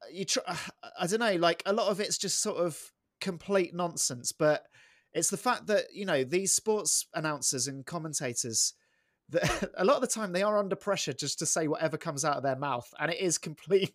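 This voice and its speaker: English man, guest, fairly high voice, dry close sound, rambling, self-deprecating. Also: no echo. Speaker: guest, comedian and sports commentator. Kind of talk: casual interview chat.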